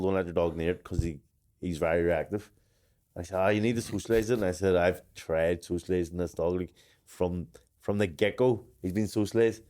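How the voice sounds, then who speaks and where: Low-voiced man telling stories. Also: darkish tone. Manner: laughs through stories, swears freely. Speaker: podcast co-host. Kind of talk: casual chat.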